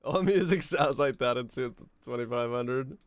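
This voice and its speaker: A man with a mid-range voice streams a video game at normal speed, chatting casually with viewers. He rants animatedly, swears heavily and breaks into bursts of laughter. The recording is dry.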